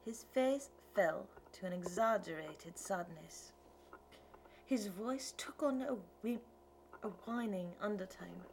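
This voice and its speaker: A woman narrating an audiobook in a measured, even storytelling manner. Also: medium pitch, slight background noise, poor audio. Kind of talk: scripted narration.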